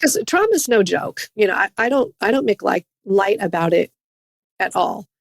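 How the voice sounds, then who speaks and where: Earnest middle-aged woman with gravelly voice. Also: medium pitch, lively intonation, normal speed, no echo, clean studio sound. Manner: earnest, faith-based testimony. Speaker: podcast guest. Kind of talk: personal story in a podcast interview.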